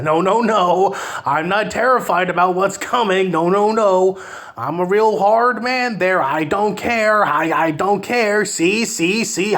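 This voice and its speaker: A man's voice: high voice, a bit bright. A man putting on a sarcastic voice of a panicky man who keeps insisting he is not scared, mocking and repeating himself.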